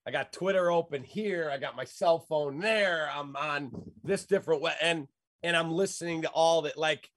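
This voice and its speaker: A middle-aged radio host with a slightly raised pitch spins stories in an interview, emphatic and folksy, drifting from one point to the next. The sound is dry, close and a bit bright, with no room or echo around it.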